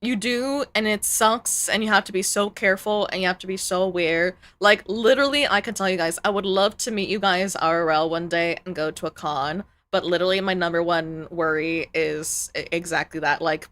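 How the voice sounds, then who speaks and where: A woman's voice: lowish voice, steady tone, brisk, few pauses, a bit bright. A woman streamer in casual live-stream chat, ranting heatedly and swearing freely.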